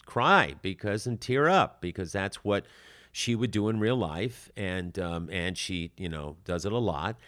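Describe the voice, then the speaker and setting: An older man hosting an acting advice podcast, talking in an animated, emphatic way with many fillers. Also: fairly low pitch, no echo, studio quality. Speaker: acting coach podcast host.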